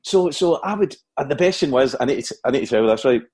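A Scottish man, a comedian, telling lively anecdotes in casual chat, with frequent restarts. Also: mid-range voice, quick pace, breathy edge. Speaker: comedian guest.

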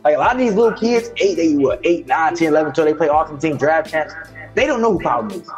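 Man, streamer guest, rapid profane storytelling, slightly high voice, music behind. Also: expressive. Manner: fast, profane storytelling, acts out quotes. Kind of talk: casual heated chat.

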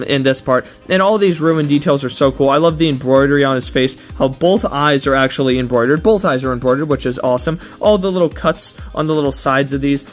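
A man with a fairly high voice talks through a toy unboxing in a loose, casual review. He rambles, restarts his sentences and leans on fillers, swinging between gushing and grumbling disappointment. Faint music plays softly underneath. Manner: gushing then letdown and complaining.

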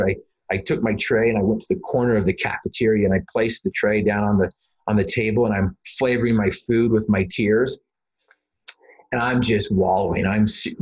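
A man being interviewed, telling a personal story in an earnest, emotional way, often repeating words and saying "you know". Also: on the low side. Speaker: interview guest.

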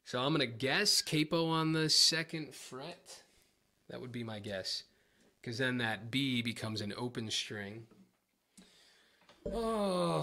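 Gravelly, chatty male guitar teacher. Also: mid-range voice, expressive, slow, long pauses, bright, forceful tone, a little hiss or hum. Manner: chatty, rambling, self-deprecating. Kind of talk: casual livestream guitar lesson.

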